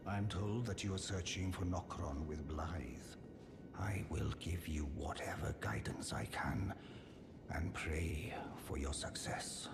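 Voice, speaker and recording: A man's voice: slow, background noise. An actor playing a loyal, solemn, formal male blacksmith in a video game. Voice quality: deep, formal, creepy. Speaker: game character.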